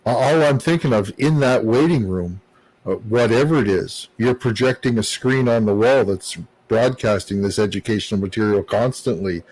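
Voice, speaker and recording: Man pitching an idea in casual chat. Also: moderate pace, a little mellow, no room sound, low-quality recording.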